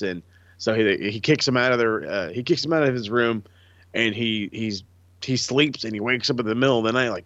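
A man chatting casually on a podcast, loose and profane, jumping into quick impressions mid-story. The recording is dry and a little dull and lo-fi. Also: lowish voice, no room sound. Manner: animated, profane, acts out quotes. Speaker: podcast co-host. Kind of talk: casual wrestling chat.

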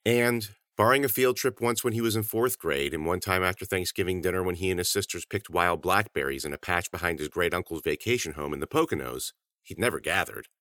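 A man reading scripted audiobook narration in animated, clipped sentences. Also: low-pitched, brisk, no room sound, studio quality.

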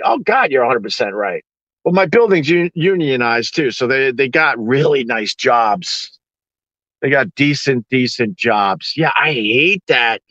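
A man's voice: mid-range voice, expressive, unhurried, fairly bright tone, no echo, muffled recording. A man hosting a live stream, ranting with sarcastic exasperation to the people watching.

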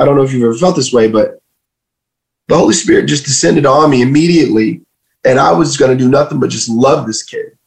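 A man with a gravelly edge and a voice worn from recent illness. He tells his story earnestly and emotionally, often stopping to restart his sentences. His pitch sits in the ordinary middle range for a man. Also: rough recording. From North Carolina, USA. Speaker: guest sharing a testimony. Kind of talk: casual spoken storytelling.

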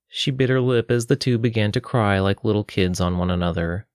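A man narrating an audiobook in a steady, even storytelling manner. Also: lowish voice, brisk, no room sound, studio quality.

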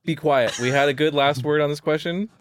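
A man's voice: fairly high pitch, steady tone, fairly quick, no room sound, studio quality. A man chatting casually on a podcast, wry and bossy about moving things along. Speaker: podcast guest. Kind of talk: casual chat.

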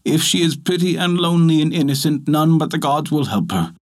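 A man doing a tender dying old mother, soft and gentle, husky storybook telling. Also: fairly high pitch, animated, a little fast, pitched above the performer's own voice.

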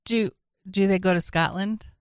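Brief: playful female podcast co-host, quick teasing asides, dry studio sound. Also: medium pitch, steady tone, smooth, no echo. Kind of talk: casual podcast banter.

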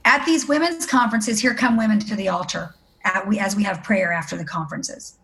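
A middle-aged woman tells a personal testimony as an interview guest. She speaks earnestly in a mid-pitched voice and acts out the voices of the people in her story. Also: brisk, few pauses, fairly bright tone.

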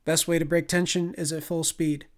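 A man voicing a small, nonchalant woman engineer who talks in a flat monotone. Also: low voice, normal speed, natural voice. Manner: deadpan, detached.

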